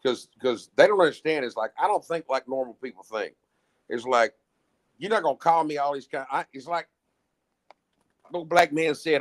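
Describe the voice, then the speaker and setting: A man's voice: a little high, moderate pace, pauses often. A middle-aged man, a musician guest, telling long rambling stories in casual chat, with frequent restarts and swearing. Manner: rambling, profane, many restarts. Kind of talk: casual storytelling.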